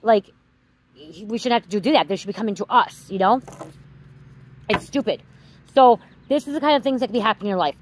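A woman's voice: mid-range voice, brisk, long pauses, slight background noise, rough recording. A woman in her thirties or forties, a tarot reader venting in a casual vlog, swearing and tagging "okay?" onto her sentences.

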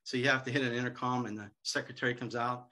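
A middle-aged man speaking as a seminar guest, telling lively anecdotes about selling to hospitals and acting out the dialogue. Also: medium pitch, quick pace. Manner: lively storyteller, acts out quoted dialogue.

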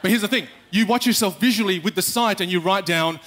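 A young man giving a live talk on stage, animated, acting out little quotes and speaking straight to the audience. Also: high-pitched, fast talker, a little hiss or hum. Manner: animated, acts out quotes, addresses the audience directly.

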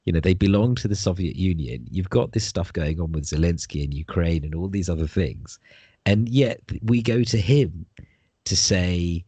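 A man's voice: sits low, normal speed, warm tone, breathy edge, dry recording. A man in casual conversation, talking in a rambling, discursive way with the odd swear word.

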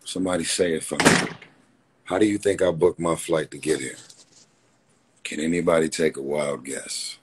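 A man's voice: very deep voice, steady tone, normal speed, long pauses, slight background noise. A man hosting a casual phone livestream from a hotel room, talking fervently and repetitively straight to his viewers. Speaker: livestream host.

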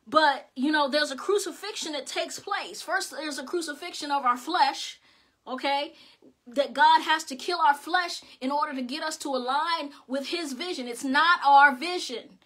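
High bright-voiced woman preaching. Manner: impassioned preaching, repeats words when stirred; rhythmic repeated exhortations. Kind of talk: sermon.

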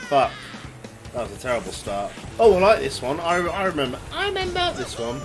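A man giving excitable, swear-heavy let's play commentary, yelling at the game as he plays. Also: on the high side, brisk. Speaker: gaming YouTuber. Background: game music.

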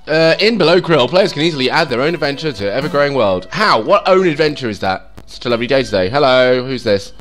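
This gaming channel host curses offhandedly and reacts as he works through a game. It's let's play commentary, delivered in an excitable, profane way that leaps up and down in pitch.

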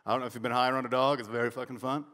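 A man's voice: medium pitch, rapid-fire, long reverb tail, a little hiss or hum. A young man doing a stand-up comedy set on a club stage, telling stories in a brash, profane way into a handheld mic. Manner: brash, profane, animated storytelling.

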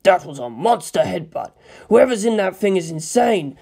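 A man narrating a fan fiction story in a steady, measured reading. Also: high voice, creaky, slightly rough. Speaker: fanfiction reader. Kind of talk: scripted narration.

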